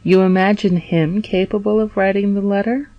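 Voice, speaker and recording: A woman reading the part of a shrewd elderly male priest in prison, asking calm, probing questions in a measured way. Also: mid-range voice, no echo, muffled recording, natural voice. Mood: questioning.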